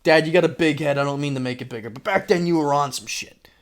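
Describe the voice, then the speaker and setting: A man co-hosting a podcast, telling a story in casual chat, animated and swearing, acting out quotes loudly. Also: fairly high pitch, quick pace. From Florida, United States. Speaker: podcast co-host.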